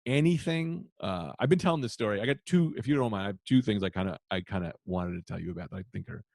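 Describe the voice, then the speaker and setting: Profane storytelling man, low voice. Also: quick pace, creaky, no echo, studio quality. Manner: profane, animated, acts out shouted quotes. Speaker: comedian guest. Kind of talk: storytelling in casual podcast chat.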